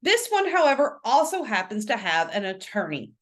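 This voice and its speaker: A woman's voice: on the high side, very animated, moderate pace. A woman voicing a polite, cheerful male lawyer with a British accent.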